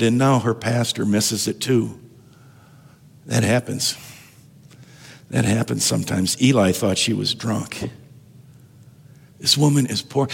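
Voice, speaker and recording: A man's voice: mid-range voice, vocal fry, husky. A man preaching a sermon as pastor, talking conversationally and often restarting and repeating words. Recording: long hall reverb.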